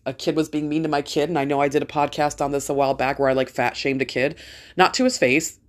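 A woman's voice: deep voice, steady tone, fast. A middle-aged woman hosting a podcast, talking casually and bluntly, swearing freely and rambling with restarts. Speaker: podcast host. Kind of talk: casual opinion monologue.

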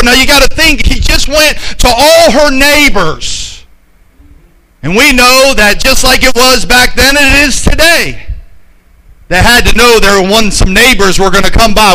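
A middle-aged male pastor preaching a sermon, building to emphatic shouts and drawn-out phrases. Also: extremely high pitch, expressive, slight background noise, low-quality recording.

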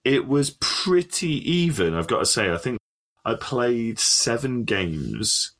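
A man's voice: mid-range voice, big pitch swings, slow pace, fairly bright tone. A man co-hosting a podcast in casual banter, swearing a lot and laughing often. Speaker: podcast co-host.

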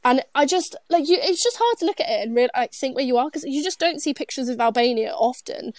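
A woman's voice: sits high, animated, fast, no room sound. A young British woman hosting a podcast, telling travel stories in a chatty, filler-heavy way. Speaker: podcast host. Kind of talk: casual podcast chat.

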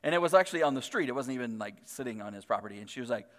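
A man's voice: medium pitch, lively intonation, rapid-fire, a bit bright. A man in his thirties preaching a casual, storytelling sermon as a pastor, talking in a chatty way full of "like" and restarts. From Northern California. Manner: chatty, filler-heavy, self-deprecating. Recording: long reverb of a large hall.

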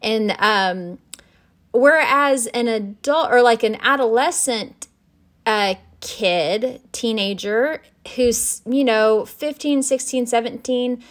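A woman's voice: a little high, takes it slowly. A woman teaching nursing students in a conversational recorded lecture, talking with many fillers and restarts. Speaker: nursing instructor.

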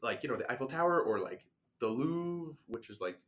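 Young male podcast guest, bright clear voice, animated storyteller. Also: mid-range voice, brisk. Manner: animated, laughs while telling stories. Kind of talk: casual storytelling chat.

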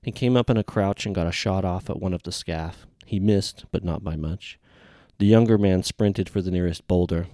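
A man narrating an audiobook in a steady, even reading. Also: sits low, moderate pace, no echo, studio quality.

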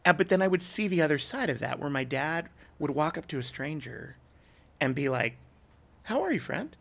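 Gravelly-voiced man telling lively stories. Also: a little fast. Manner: animated, acts out quoted voices with big pitch jumps. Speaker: podcast guest. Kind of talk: casual storytelling chat.

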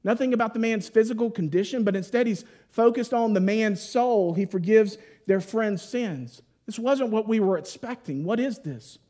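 A man with a high, light voice preaches a sermon like a storyteller. He jumps into playful voiced asides and then drops to a hushed, solemn hush for weighty moments. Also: moderate pace, hardly any pauses.

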